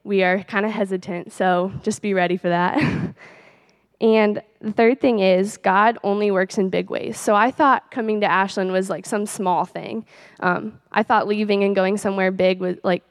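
A woman's voice: mid-range voice, dry recording, clean studio sound. A teenage girl sharing a personal faith testimony in a chatty way, full of "like" and little laughs. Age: late teens. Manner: chatty, peppered with "like" and soft laughs.

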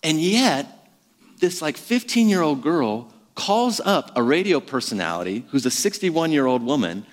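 Pastor, man, 30s, relaxed conversational sermon, filler-heavy, hall reverb. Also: a little high, a little slow. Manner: conversational, self-deprecating, lots of fillers.

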